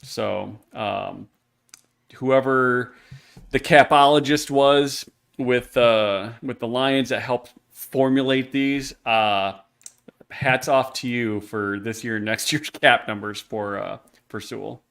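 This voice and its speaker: Man, podcast co-host, gravelly voice, mid pitch, joking casual talk. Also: takes it slowly, a bit bright. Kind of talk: casual sports chat.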